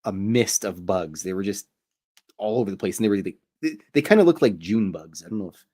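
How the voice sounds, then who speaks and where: Low-voiced Canadian man rambling. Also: expressive, a little fast, warm tone. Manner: meandering, self-interrupting, jokey. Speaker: cartoonist and show host. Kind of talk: rambling casual storytelling.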